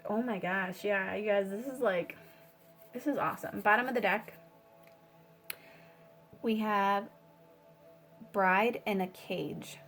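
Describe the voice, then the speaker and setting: A woman's voice: medium pitch, slow pace, pauses often, a bit bright, soft background music. A woman giving a casual spiritual tarot reading, rambling with many fillers and swearing freely. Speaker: tarot reader.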